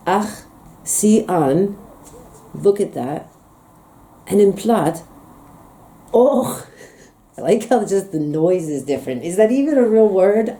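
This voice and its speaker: A young American woman talks casually to her camera, reading out phrases one by one and reacting with amused disbelief. Her voice is low and dark, and it swoops widely in pitch. She takes her time over each phrase. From United States. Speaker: vlogger. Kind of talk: casual language-learning vlog.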